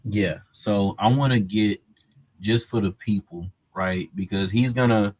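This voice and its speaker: A man's voice: fairly low pitch, a little slow, a little mellow. A man hosting a live reaction stream, commenting on a debate clip. He laughs often and talks in a loose, mocking way.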